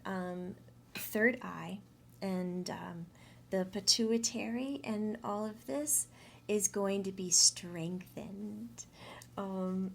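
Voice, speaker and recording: A woman talking through a monthly spiritual energy update in a chatty, animated way, often acting out inner voices. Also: mid-range voice, slight background noise. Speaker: medium.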